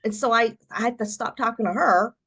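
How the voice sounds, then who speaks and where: A woman's voice: a little high, fairly quick, slightly rough. Woman telling her story, acting out quotes. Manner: animated storyteller who acts out quoted voices. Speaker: guest. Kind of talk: personal storytelling interview.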